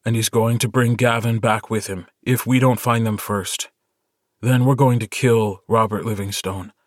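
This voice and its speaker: A male narrator voicing a steady, earnest young werewolf alpha who talks in a calm, quietly firm way. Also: lowish voice, normal speed, no echo, clean studio sound, close to an everyday voice.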